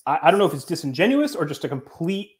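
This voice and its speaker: A man's voice: fairly high pitch, very animated, quick pace. A man answering as a guest journalist, earnest and defensive, with many fillers as he explains himself. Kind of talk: interview answers.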